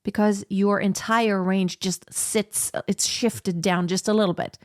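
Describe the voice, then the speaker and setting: A woman teaching singing, explaining slowly and breaking into sung operatic soprano examples. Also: medium pitch, fairly even intonation, no echo, studio quality. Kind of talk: vocal lesson with sung demonstrations.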